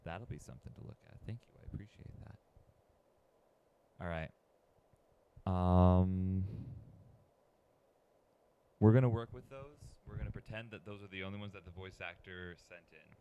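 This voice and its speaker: Playful deep-voiced male streamer. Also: moderate pace, pauses often, smooth, dull audio. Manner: playful, self-joking, chatty. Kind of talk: casual live-stream chat.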